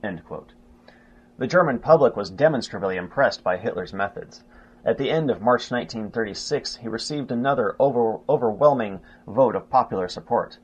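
A man reading a history book aloud in a measured way, stumbling and restarting now and then and announcing quotes aloud. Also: mid-range voice, lively intonation, breathy edge. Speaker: narrator. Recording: dull lo-fi recording.

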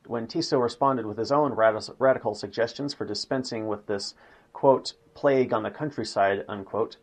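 A man reading a history book aloud at an unhurried pace, marking quotations aloud and making occasional slips, in a dull lo-fi recording. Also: mid-range voice. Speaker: narrator.

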